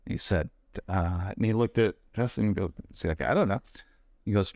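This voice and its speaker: A man who works as a stuntman, telling lively anecdotes in a casual interview and acting out what people said. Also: on the low side, fairly quick, no room sound, studio quality. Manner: animated anecdotes, acts out quoted voices. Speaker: stuntman guest.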